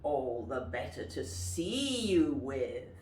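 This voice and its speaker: A woman voicing a sly, hungry big bad wolf in a storybook, low and slow. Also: sing-song, darkish tone, reverberant, distant mic, slight background noise, exaggerated voice.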